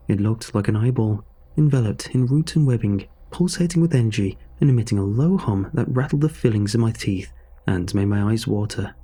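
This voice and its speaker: Mellow husky male horror narrator. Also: fairly low pitch. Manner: measured, dramatic storytelling. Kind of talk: scripted first-person horror narration.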